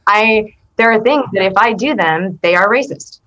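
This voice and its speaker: A middle-aged woman, an accent performer, speaks as a guest in a reflective interview conversation. Her mid-range voice moves at a normal speed, and she's thoughtful and earnest, with many restarts and soft laughs.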